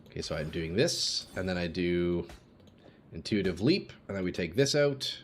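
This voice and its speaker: A man's voice: deep voice, expressive, moderate pace, slight background noise. Chatty male game streamer on a desk mic. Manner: casual and chatty, reads chat aloud, bursts of hype. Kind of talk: live-stream commentary while playing. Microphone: desk streaming microphone.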